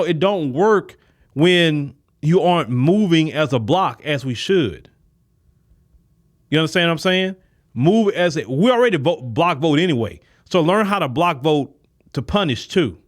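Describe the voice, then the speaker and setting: A man with delivers a political commentary like a sermon. His voice sits a little high and rises and falls dramatically as he argues. He keeps acting out imagined conversations to drive each point home. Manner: preachy and emphatic, acts out imagined dialogues. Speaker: podcast host.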